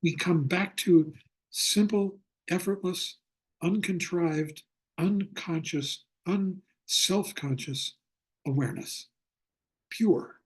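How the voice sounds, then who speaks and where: An older man teaching a Buddhist class over a video call, speaking in a reflective way and slowing down to stress his points. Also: high-pitched, breathy edge. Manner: reflective, slows down for emphasis. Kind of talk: online lecture with storytelling.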